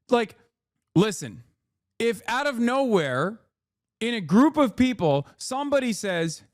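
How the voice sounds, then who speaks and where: Sarcastic high-voiced man commentator. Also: measured pace, dry recording, clean studio sound. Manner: sarcastic, animated, profane. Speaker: streamer host. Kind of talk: casual commentary.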